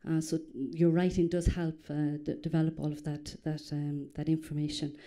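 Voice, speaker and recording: A woman from the Republic of Ireland speaks up from the audience with a halting, appreciative comment. Her voice is low and very dark and mellow. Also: little pitch movement. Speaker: audience member. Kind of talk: comment from the floor.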